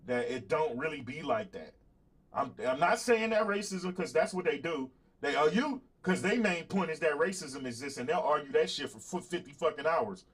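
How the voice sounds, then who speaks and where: A man hosting a casual talk show stream, his voice sitting a little high for a man. He is blunt and swears freely. He circles back to repeat his points, laughs between them and calls out to viewers in the chat. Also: husky. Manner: blunt, profane, emphatic, repeats himself. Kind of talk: casual livestream monologue, answering chat.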